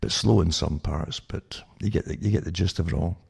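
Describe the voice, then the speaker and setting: A man with a very low voice and a heavy gravelly fry, talking in a long rambling monologue. His tone is dark and husky, and he keeps restarting sentences and tossing "eh?" at the listener. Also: fairly quick. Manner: rambling, with frequent restarts and asides like "eh?". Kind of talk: monologue commentary.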